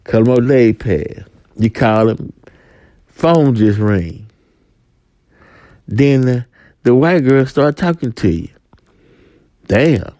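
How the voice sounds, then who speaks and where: Man, slangy rant, mellow warm tone, dry close sound, frequent restarts. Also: medium pitch, animated, takes it slowly, long pauses, no room sound. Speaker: podcast host. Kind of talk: ranting monologue.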